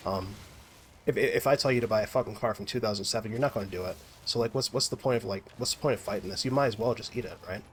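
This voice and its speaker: Young guy gaming and ranting, kinda low voice, swears a lot, rambles, faint hiss behind. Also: fast. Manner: profane, rambling, many restarts. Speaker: gaming streamer. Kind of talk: rambling commentary over gameplay.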